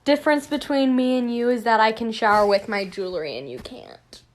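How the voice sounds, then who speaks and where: High-voiced girl reading tweets, giggling the whole way through. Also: a little fast. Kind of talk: reading tweets aloud to camera.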